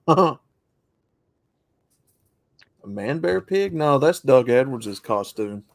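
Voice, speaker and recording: Slow, gravelly young man chatting. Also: medium pitch, expressive, dry recording. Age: young adult. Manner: laid-back, noncommittal, chuckling. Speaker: guest. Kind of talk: casual chat.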